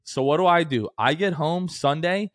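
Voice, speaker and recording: A young man in his twenties co-hosting a casual sports podcast, an animated storyteller who acts out quoted voices with big jumps in pitch. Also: normal speed, dry recording, studio quality. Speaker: podcast co-host.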